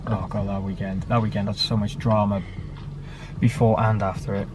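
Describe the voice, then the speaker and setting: A man's voice: fairly low pitch, flat delivery, normal speed, background noise. A young man from the UK in a casual conversation about his life. He rambles, using many fillers and self-corrections. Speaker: guest sharing his story.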